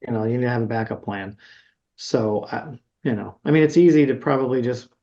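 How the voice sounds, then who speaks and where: A middle-aged man talks casually as an interview guest, meandering through his thoughts with fillers and restarts. His voice is mellow and dark-toned. The recording sounds dull and muffled. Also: mid-range voice, a little fast. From Buffalo, New York area. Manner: rambling, many fillers and restarts. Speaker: guest guitarist and music educator.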